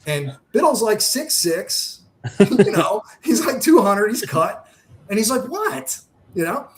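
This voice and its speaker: Animated storytelling man, slightly high voice. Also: unhurried. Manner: animated storyteller, acts out quotes. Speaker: charity founder, guest. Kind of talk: casual storytelling.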